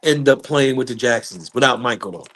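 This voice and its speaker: A man in an interview telling a story with lively energy, acting out the voices of the people in it. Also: medium pitch, brisk. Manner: acts out quoted voices, curses, lively delivery. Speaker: guest musician. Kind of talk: animated storytelling.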